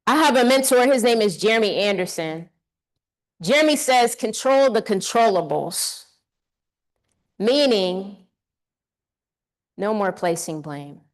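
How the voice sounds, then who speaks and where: A woman giving an energetic motivational keynote on a conference stage, leading the audience in call-and-response. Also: medium pitch, measured pace, long pauses. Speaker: keynote speaker.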